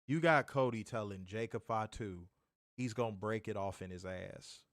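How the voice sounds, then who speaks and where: A man's voice: lowish voice, normal speed, dry recording, studio quality. A man co-hosting a wrestling review podcast, ranting in an exasperated way, swearing and repeating himself for emphasis. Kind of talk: casual chat.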